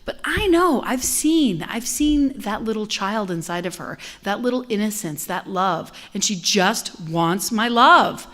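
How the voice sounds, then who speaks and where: A middle-aged woman giving a conversational sermon as a guest minister, telling stories with acted-out voices and sometimes dropping to a soft whisper. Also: medium pitch, measured pace, hardly any pauses. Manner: animated storytelling, acts out quoted voices; drops to a soft whisper on key points.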